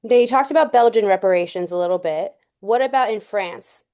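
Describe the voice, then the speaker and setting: A woman's voice: mid-range voice, a little fast, dark tone, clean tone. A woman in a class asking the lecturer brief, direct questions.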